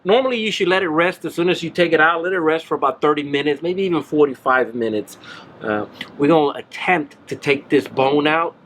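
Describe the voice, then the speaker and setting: A man's voice: on the high side, a little fast, a bit bright. A man from Central Florida hosting his own barbecue channel, talking casually and enthusiastically while he cooks at the grill. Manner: easygoing, enthusiastic, exclaims often. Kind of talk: casual cooking vlog.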